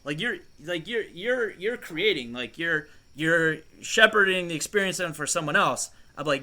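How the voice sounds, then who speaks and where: A man co-hosting a loose, profane podcast conversation, rambling from thought to thought and laughing easily. His voice sits a bit high and rings very bright. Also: expressive, normal speed, few pauses. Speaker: podcast co-host. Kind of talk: casual chat.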